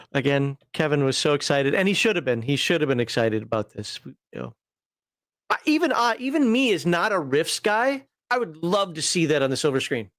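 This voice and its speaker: A man co-hosting a relaxed tabletop gaming talk show, rambling with frequent laughs and fillers. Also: fairly high pitch, moderate pace, no room sound, studio quality. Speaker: podcast co-host reviewing a tabletop magazine. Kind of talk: casual chat.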